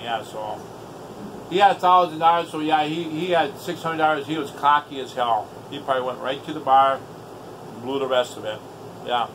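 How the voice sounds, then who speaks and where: A man with a high voice rants through a story in a casual, exasperated way, with swearing in nearly every sentence. He talks loosely and repeats himself as he goes. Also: fairly bright tone, slight background noise, poor audio. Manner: heavily profane, exasperated. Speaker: vlogger.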